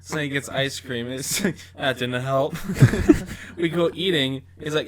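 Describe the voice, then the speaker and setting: A young man co-hosting a casual podcast chat, playful and full of quick quips. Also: medium pitch, slight background noise. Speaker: podcast co-host.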